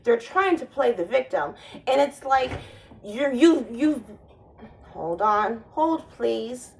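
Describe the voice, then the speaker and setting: Slow-talking sardonic woman vlogger. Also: a little high, animated, vocal fry, a little hiss or hum, rough recording. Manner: rambling, sardonic, with frequent restarts. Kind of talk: casual monologue vlog.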